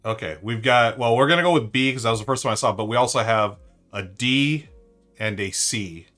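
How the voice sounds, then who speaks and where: A man's voice: mid-range voice, a little fast, a bit bright, faint music behind. A man hosting a live-stream trivia board game, chatting upbeat and thinking aloud to his viewers.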